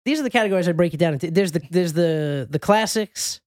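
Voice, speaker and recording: A man's voice: sits high, fast, darkish tone. A man chatting casually on a podcast, rambling with restarts and fillers and swearing now and then. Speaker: podcast co-host. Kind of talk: casual chat.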